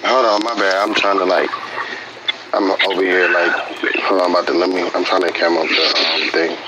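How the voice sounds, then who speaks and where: A man on a live stream, talking haltingly with many fillers and then reading a personal letter aloud. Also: sits low, steady tone. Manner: halting, hesitant, full of fillers and restarts. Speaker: participant in a live-stream group session. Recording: noisy live-stream audio.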